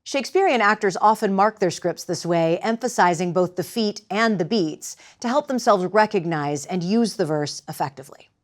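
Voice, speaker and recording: A woman instructor explaining the rhythm of verse and directing actors, in a clear, patient teaching voice. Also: medium pitch, moderate pace, few pauses. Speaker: theater instructor. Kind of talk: lecture with live demonstration.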